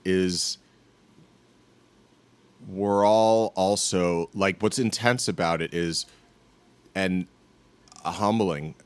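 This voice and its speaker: A man co-hosting a podcast, talking earnestly with halting restarts in casual chat. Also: deep voice, smooth. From northern United States. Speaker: podcast co-host.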